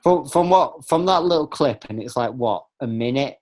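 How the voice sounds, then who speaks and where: A man on a casual fan podcast, often stammering and restarting his sentences in excited bursts. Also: medium pitch, moderate pace. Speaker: podcast host.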